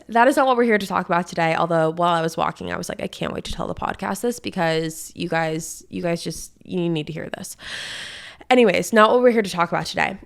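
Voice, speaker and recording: A fairly low-pitched young woman hosts her own podcast, chatting openly to her listeners. Her voice is a little congested and throaty from a cold. She keeps it casual and confiding. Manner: chatty and confiding, addresses listeners as "you guys". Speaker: podcast host. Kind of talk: solo casual chat.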